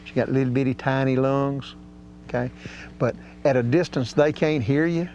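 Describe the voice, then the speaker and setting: A man with a mid-range, slightly mellow voice teaches duck calling at a moderate pace, drawling in a folksy way and using casual grammar. It's outdoor hunting instruction, and the audio is a bit dull with a faint hum.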